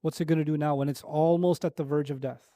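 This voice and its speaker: A middle-aged man gives a Quran lecture in a high, lively voice. He tells stories with rising emphasis, then sinks to quiet, low moments to land a point. The sound is dry and close, with no room around it. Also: fast, no room sound. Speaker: Quran teacher.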